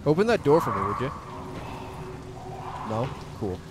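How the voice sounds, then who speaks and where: A man giving sarcastic let's play commentary, swearing often and loudly mocking the monster in a high, shouting voice. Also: very animated, a little slow, heavy background noise. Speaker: gaming commentator. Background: game music.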